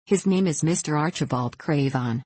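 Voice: medium pitch, normal speed, darkish tone, husky, dry recording, lightly acted. Figure: impudent seven-year-old boy, voiced by a storybook narrator. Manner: scornful, teasing. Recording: dry, close. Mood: mocking. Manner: scornful, mocking.

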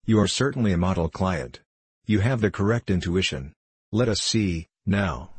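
A man reading the part of a cool, reasoning detective, with a precise, measured, detached delivery. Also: sits low, lively intonation, breathy edge, no echo. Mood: brisk. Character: cool, reasoning male detective, middle-aged.

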